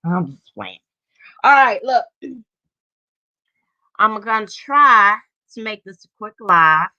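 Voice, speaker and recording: Forties female streamer, slow and blunt, bright voice, dry lo-fi mic. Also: medium pitch, expressive, dry recording. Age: 40s. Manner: blunt, profane, drawling. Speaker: livestream host. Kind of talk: casual live-stream chat. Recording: dry, slightly dull lo-fi stream audio.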